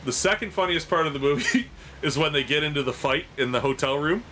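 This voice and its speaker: This man in his thirties talks fairly quickly in a high, bright, forceful voice while hosting a sports card auction livestream. He's casual and profane, laughing hard at his own stories, with slight background noise behind him.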